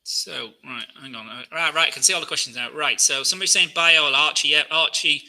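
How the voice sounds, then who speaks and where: A man's voice: fairly high pitch, fast talker, sharp tone, poor audio. A man hosting a live trading Q&A, talking through charts in a chatty way, full of fillers and questions to his viewers. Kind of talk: live-stream market commentary.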